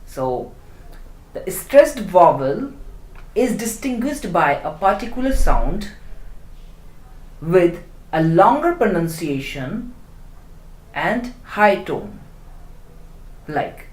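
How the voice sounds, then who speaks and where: Slow, hesitant teacher in an echoey room. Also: medium pitch. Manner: slow, deliberate, with frequent hesitations. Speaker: language teacher. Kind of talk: explaining an online language lesson.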